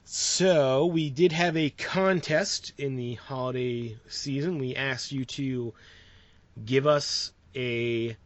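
A man hosting a casual podcast chat, relaxed and rambling, laughing often. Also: mid-range voice, takes it slowly, no echo. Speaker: podcast host. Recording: dull lo-fi sound.

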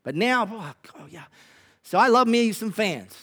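A man's voice: high-pitched, lively intonation, normal speed, fairly bright tone. A man with an Australian accent preaching a sermon in a conversational, punchy way with wry humor. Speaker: pastor.

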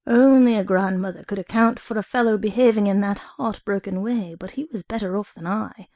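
Expressive woman storyteller for audiobook narration, warm and gravelly. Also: medium pitch, brisk, no room sound, studio quality. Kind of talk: audiobook reading of a short story.

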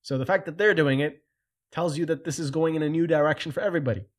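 A man hosting a casual solo commentary, animated and jokey, getting louder when he mimics other people. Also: a little high, fast. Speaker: host.

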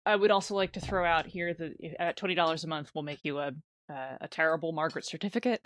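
A woman's voice: sits low, fast, slight background noise. A woman co-hosting a tabletop gaming podcast, chatting casually, reading plugs and laughing often. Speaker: podcast co-host.

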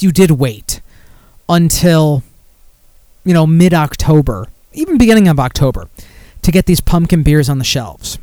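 A man hosting a podcast, rambling and talking bluntly with plenty of swearing in a slightly high voice. The sound is close and dry, with no room echo. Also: a little mellow, clear, resonant tone. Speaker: podcast host. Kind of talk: casual chat.

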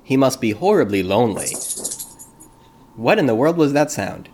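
A man's voice: mid-range voice, sing-song, moderate pace, a little mellow, a little hiss or hum. A man hosting a casual podcast discussion, talking in a playful, jokey way. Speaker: podcast host.

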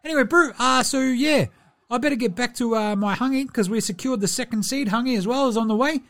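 A man doing a comic impression of a laid-back, cheerful, slow-witted New basketball player, with a drawl, tagging every line with "Brew" and "eh". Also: very high-pitched, fairly bright tone, voice pushed up. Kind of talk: comedy impression sketch.

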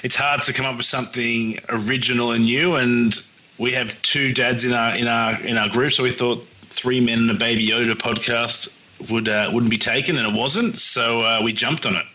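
A man's voice: medium pitch, steady tone, moderate pace, pushed and bright, dull audio. An Australian man from Sydney, an easygoing podcast guest who laughs along with the hosts. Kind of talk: casual podcast chat.

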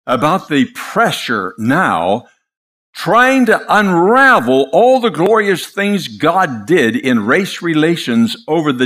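Older man, preacher, lively swinging pitch, impassioned sermon. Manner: impassioned, storytelling, dramatic pauses.

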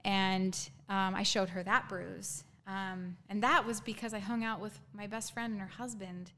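A woman guest in an interview telling her own story candidly, halting, with frequent ums and restarts. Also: medium pitch, flat delivery, sharp tone.

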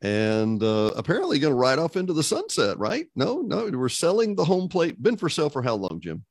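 A man hosting a live-streamed chat, joking and animated as he interviews the guests. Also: on the high side, fairly quick, creaky, dry recording, clean studio sound. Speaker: podcast host.

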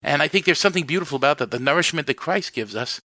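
A middle-aged man with a New York accent chats about his ministry, pitched a bit high and rattling along quickly. His stories come with self-deprecating humor. The recording is close and dry. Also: expressive, pushed and bright, no echo. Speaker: priest running a Catholic media network. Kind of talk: casual interview talk.

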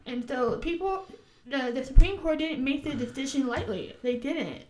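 A woman's voice: high-pitched, animated, normal speed, slight background noise. A woman from the United States co-hosting a casual podcast, talking earnestly and with emphasis, with frequent "like" and "you know" fillers. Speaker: podcast co-host.

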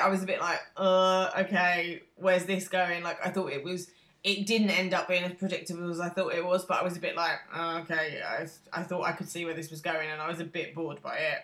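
Bright-voiced English woman chatting. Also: on the low side, brisk, roomy sound. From England. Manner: chatty, opinionated, animated asides. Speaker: podcast co-host. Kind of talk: casual chat recapping a show.

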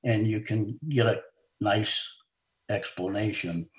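Earnest low-voiced man in a roomy space. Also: steady tone. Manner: earnest, halting with frequent fillers and restarts. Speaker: author and guest. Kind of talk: conversational interview. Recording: roomy echo.

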